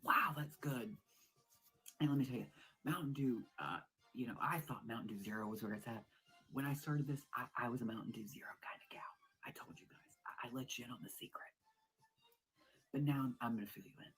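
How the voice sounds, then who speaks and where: A woman performing a comedic monologue at home, over-the-top excited and swinging between hushed whispers and loud exclamations. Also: rumbling low, fairly quick, slightly rough, rough recording.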